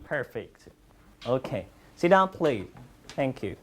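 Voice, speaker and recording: A Chinese language teacher, a native Chinese speaker, teaching a class in English with steady praise and repetition. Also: mid-range voice, a little hiss or hum. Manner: slow, encouraging, repeats lots of praise. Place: classroom with students.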